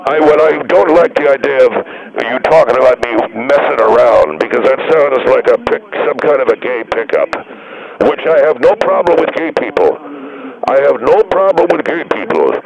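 A man playing a gravelly, touchy yoga doctor. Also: mid-range voice, lively intonation, close to an everyday voice. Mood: indignant. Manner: indignant, quick to take offense. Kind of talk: radio comedy sketch. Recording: muffled radio broadcast with crowd noise.

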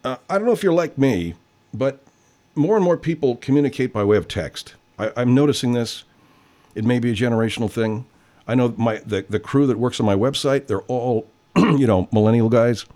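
A man in his sixties hosting a live stream, rambling in profane, animated casual chat. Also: medium pitch, normal speed.

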